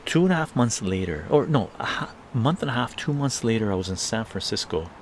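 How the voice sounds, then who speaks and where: A man's voice: lowish voice, animated, a little fast, slight background noise. A middle-aged man from Canada casually telling a rambling story on a live stream, tagging his sentences with "right?".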